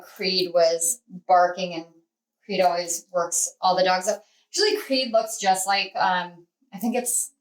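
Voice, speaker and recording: A woman giving a spiritual tarot reading, rambling and heartfelt with many fillers, speaking from a distance from the mic. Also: mid-range voice. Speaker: tarot reader. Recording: roomy, from off-mic.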